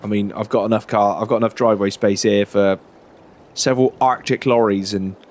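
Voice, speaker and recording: A man, chatting in a relaxed, rambling way during a farming game roleplay. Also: fairly low pitch, a little fast. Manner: relaxed, chatty, many fillers and restarts. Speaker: roleplay creator.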